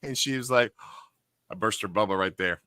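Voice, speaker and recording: Animated storytelling man, bright voice. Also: fairly low pitch, normal speed, clean tone, no room sound. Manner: animated, swears freely, acts out quotes. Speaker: podcast co-host, karaoke host. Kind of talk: casual storytelling chat.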